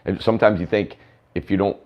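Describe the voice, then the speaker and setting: A hoarse man with a drawl rambles through a casual livestream update, with plenty of ums along the way. His voice sits very low, and the sound is a little dull and muffled. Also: fast talker. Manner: rambling, with many fillers. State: hoarse from a sore throat. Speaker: host of a tiny homes livestream.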